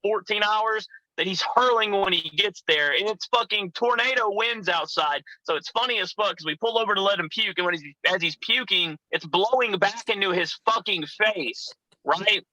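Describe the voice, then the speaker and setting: A man's voice: high-pitched, moderate pace, pushed and bright, no room sound, low-quality recording. A young adult man, a wrestler guest, telling profane, rambling stories and acting out the people in them. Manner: swears constantly, rambling tangents, acts out quoted voices. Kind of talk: profane storytelling chat.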